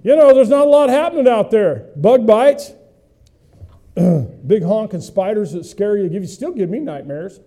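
A man's voice: sits high, lively intonation, normal speed, warm tone. A middle-aged male pastor preaching a conversational sermon, folksy and full of questions to the congregation, with self-mocking humor.

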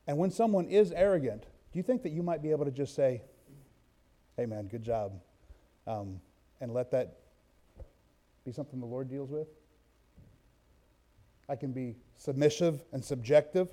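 A man's voice: fairly high pitch, mellow. A man preaching a sermon in a church, telling personal stories in a loose conversational way and reading scripture aloud.

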